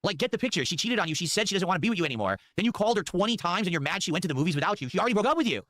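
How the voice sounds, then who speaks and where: Sarcastic reaction streamer, male, higher-pitched and animated, rapid-fire, swears a lot, clip music faint behind. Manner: incredulous, sarcastic, swears freely. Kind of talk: mocking reaction commentary.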